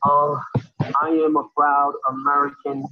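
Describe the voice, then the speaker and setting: A hoarse man from New York City giving an impassioned public comment at a town meeting, repeating words for emphasis. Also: fairly high pitch, completely flat delivery, measured pace, narrow, tinny audio. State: hoarse, lost his voice.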